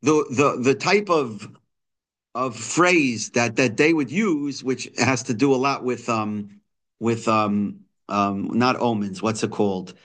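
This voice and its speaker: A man's voice: mid-range voice, slow pace, a bit bright. A man giving a daily Torah text lesson, reading lines and explaining them in English frequent restarts and fillers. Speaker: Torah teacher.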